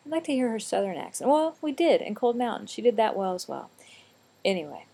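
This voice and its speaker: Chatty woman with a husky voice. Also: a little high, sing-song, a little fast, mellow. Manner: chatty, digressive, with frequent laughs and asides. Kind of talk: casual rambling monologue.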